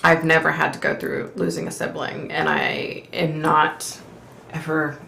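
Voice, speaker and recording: A woman's voice: deep voice, little pitch movement, a little slow, creaky, sharp tone, echoey room. A middle-aged woman hosting a psychic livestream, reading viewer comments aloud and answering with sympathy and frequent sighs. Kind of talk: casual live chat reading comments.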